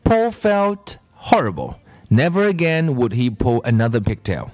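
Expressive, slow-reading male storyteller. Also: medium pitch. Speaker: narrator. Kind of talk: children's story read aloud.

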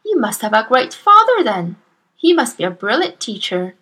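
Woman reading as a gentle schoolteacher. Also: on the high side, very animated, slightly rough, heavily acted. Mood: encouraging. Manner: encouraging, measured. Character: kind young woman schoolteacher, gentle but astonished. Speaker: teacher. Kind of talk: storybook reading.

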